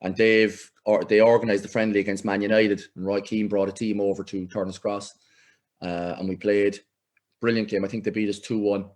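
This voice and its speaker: Middle-aged irish guy, lowish voice, chatty storyteller doing the voices. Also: moderate pace. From Ireland. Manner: animated anecdotes, acts out quoted voices, laughs often. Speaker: football coach, podcast guest. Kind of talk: casual storytelling interview.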